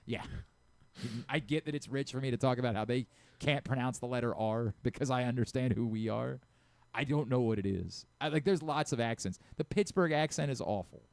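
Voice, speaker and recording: A radio host with a Baltimore accent, ranting animatedly in casual sports banter and laughing often. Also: male voice, medium pitch, fairly quick, gravelly, a little mellow, no echo. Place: radio studio.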